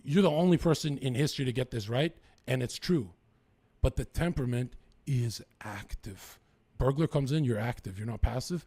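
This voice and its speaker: A young man from western Canada talks through a casual podcast chat in a gravelly voice. There is a husky, rough edge to his tone. He rambles from story to story and swears freely. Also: medium pitch, moderate pace, warm tone. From Lower Mainland, British Columbia, Canada.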